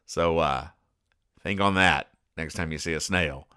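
A man hosting a comedy show, reading comic strips aloud and explaining the jokes in a wry, deadpan way. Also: extremely low pitch, unhurried, clear, resonant tone. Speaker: host.

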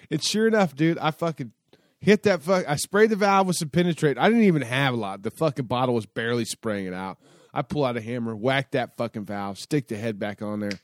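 A man telling a story in a loose, rambling way, swearing constantly and backtracking mid-sentence. His voice sits at an ordinary middle pitch. The sound is close and dry with no room around it. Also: normal speed, no echo. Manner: rambling, profane, full of fillers and restarts. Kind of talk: casual spoken anecdote.

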